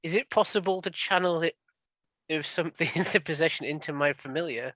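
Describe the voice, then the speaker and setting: A man's voice: fairly high pitch, brisk, pushed and bright, dry recording, lo-fi sound. A man playing in a tabletop game, describing his character's ritual theatrically with stumbling restarts. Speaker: player.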